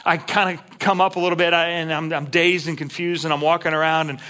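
A man from Texas preaching a sermon, earnest and conversational, dropping to hushed tones and then rising to raised appeals. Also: fairly high pitch, little pitch movement, fast. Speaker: pastor.

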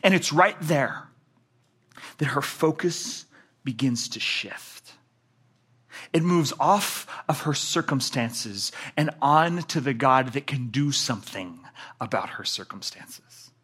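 Animated man preaching a sermon. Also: slow, slightly rough. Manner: animated, swinging from loud emphatic to low quiet. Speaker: pastor.

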